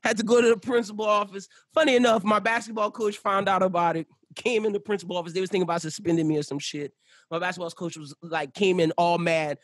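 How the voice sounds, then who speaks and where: A young man telling animated, profane stories in casual podcast chat, laughing often. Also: sits high, fast talker, no echo, studio quality. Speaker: podcast guest.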